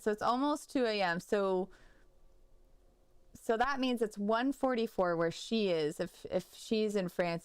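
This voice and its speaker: A young woman talks loosely to her viewers while she games, drifting from one thought to the next and stacking up "like" and false starts. Her voice comes through smooth and clean. The sound is dry and close, with no room echo. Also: a little high. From United States. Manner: rambling and chatty, full of "like" and restarts. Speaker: streamer. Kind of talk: casual live-stream chat while gaming.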